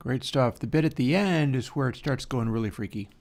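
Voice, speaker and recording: A man's voice: mid-range voice, fairly quick, a little mellow. A man streaming casual commentary while music plays, enthusiastic with rambling asides. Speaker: streamer discussing music mixing. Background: music playing.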